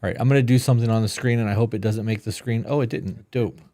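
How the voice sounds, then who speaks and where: Male co-host, mid-range voice, dry close sound, profane, blunt, animated. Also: mid-range voice, quick pace, no echo. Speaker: podcast co-host. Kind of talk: casual live-stream Q&A chat.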